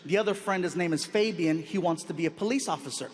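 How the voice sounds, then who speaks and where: A man in his late thirties telling stand-up stories in an animated, loud, playful way on a large theater stage. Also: high-pitched, fast. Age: 30s. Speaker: stand-up comedian. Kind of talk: stand-up storytelling. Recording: echoey hall with crowd noise.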